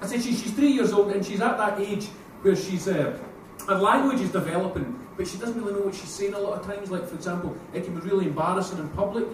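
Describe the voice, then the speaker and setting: Scottish male stand-up, high voice, crude and animated, distant echoey live room with noise. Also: fast. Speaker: stand-up comedian. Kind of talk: stand-up comedy set. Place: live comedy venue with audience. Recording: echoey room, mic heard from far off, noisy.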